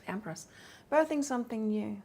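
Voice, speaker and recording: A woman's voice: a little high, lively intonation, brisk, darkish tone. A woman from England doing a live tarot reading, chatting casually and reading out cards while answering viewer comments. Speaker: tarot reader.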